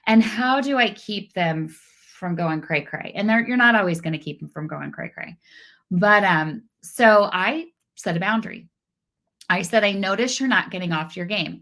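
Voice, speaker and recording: A middle-aged woman giving a casual parenting talk, animated and acting out exchanges with her kids. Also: on the low side. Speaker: parenting speaker.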